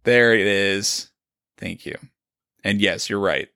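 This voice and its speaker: Deep gravelly podcast guy, jokey and easygoing, dry close mic. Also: steady tone, takes it slowly, sharp tone, dry recording. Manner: jokey, laughs easily, leads the segments. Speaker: podcast co-host. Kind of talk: casual podcast banter.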